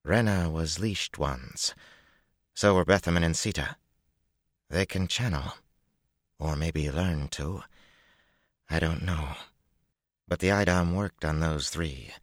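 A man voicing a weak, wounded woman who drawls slowly and haltingly in an audiobook. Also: sits low, no echo, clean studio sound. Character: weak wounded woman, sharp-tongued sailor.

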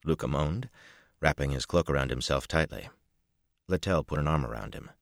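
A man narrating a fantasy audiobook in a measured, even manner. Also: rumbling low, vocal fry, dry recording, clean studio sound.

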